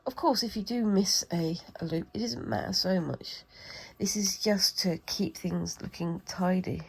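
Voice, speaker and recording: A woman's voice: on the low side, measured pace, gravelly, husky, rough recording. A British woman with a cold, chatting and rambling casually as she demonstrates a craft, talking to herself while she works. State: has a cold. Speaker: craft vlogger.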